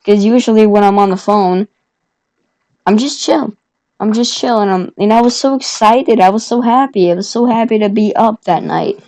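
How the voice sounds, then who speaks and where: A woman's voice: medium pitch, moderate pace, a little mellow, low-quality recording. A woman vlogger telling a personal story in a casual, rambling way, often correcting herself.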